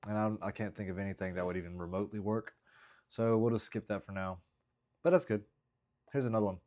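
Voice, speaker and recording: A man comedian casually thinking out loud about his jokes, rambling with plenty of hesitant fillers. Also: on the low side, fairly even intonation, fast talker. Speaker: stand-up comedian writing jokes. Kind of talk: casual vlog thinking aloud.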